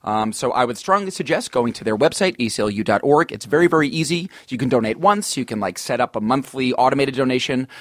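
A man co-hosting a comedy podcast who laughs readily and keeps the talk moving with quick yeses. His voice is at a middle pitch, heard close and dry with no room sound. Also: animated, fairly bright tone, no echo. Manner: laughs often, quick agreeing interjections. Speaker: podcast co-host. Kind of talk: casual comedic chat.

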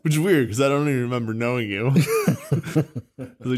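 A man on a podcast tossing in quick jokes and teasing his friends. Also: medium pitch, expressive. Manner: wisecracking interjections. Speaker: podcast co-host. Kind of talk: casual chat.

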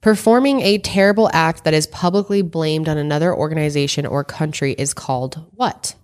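A woman's voice: deep voice, a little fast. A woman co-hosting a casual podcast quiz, blunt and joking as she reads questions and argues answers. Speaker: podcast co-host. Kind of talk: casual quiz game chat.

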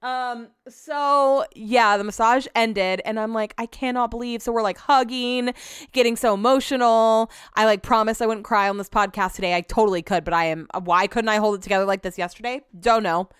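A woman talks through a personal story on her solo podcast, rambling and emotional as she quotes both sides of a conversation. Her voice is smooth and clear, recorded close and dry with no room sound. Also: on the high side, fairly even intonation, normal speed, no echo. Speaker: podcast host.

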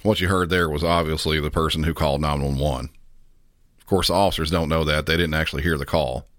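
A man hosting a podcast, calmly narrating and explaining a true-crime case in a measured way. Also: very deep voice. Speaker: podcast host.

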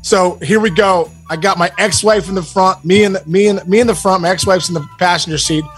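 A man with a notably high voice, co-hosting a casual podcast chat. He tells stories in an animated way and keeps calling his friend "bro" and "dude". Faint music sits behind him. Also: brisk. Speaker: podcast co-host.

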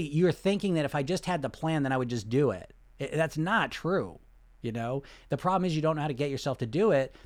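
A man talking as a weight loss coach in a casual way, blunt and full of rhetorical questions, often laughing. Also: a little high. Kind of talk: casual coaching talk to viewers.

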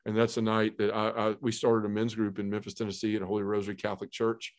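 Earnest low-voiced man telling his story. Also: monotone, fast talker. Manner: earnest storyteller, acts out quoted voices, drops to a hush for emotional moments. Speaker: podcast guest telling his testimony. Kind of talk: personal testimony in conversation.

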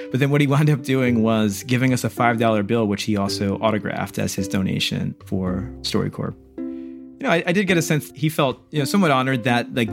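Earnest low-voiced man recalling interviews. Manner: earnest, casual, a few restarts. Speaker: interview facilitator. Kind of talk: reflective recollection.

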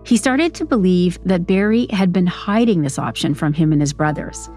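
A woman hosting and narrating a documentary in a measured, serious way. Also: lowish voice, expressive, a little mellow, faint music behind. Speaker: podcast host and narrator.

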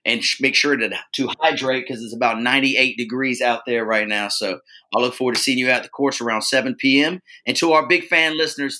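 A man's voice: medium pitch, steady tone, fairly quick, pushed and bright. A man co-hosting a casual podcast, joking around and rambling with plenty of fillers. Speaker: podcast co-host.

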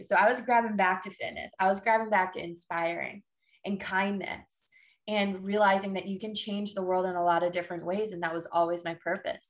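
Woman guest, young adult, sassy and emphatic, pep-talk energy, casual interview. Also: fairly low pitch. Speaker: podcast guest, fitness coach.

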